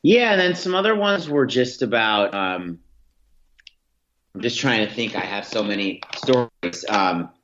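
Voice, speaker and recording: Low-voiced man telling stories, halting. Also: lively intonation, fairly bright tone, muffled recording. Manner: reflective, halting with many restarts and fillers. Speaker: podcast guest, author. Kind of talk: storytelling in an interview.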